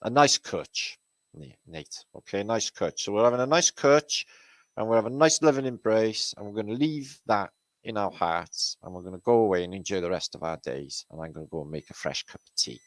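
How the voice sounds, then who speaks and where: A British man hosts a live stream on his own channel, chatting casually with viewers, greeting them by name and swearing freely. His voice sits on the low side and is expressive and brisk, recorded dry.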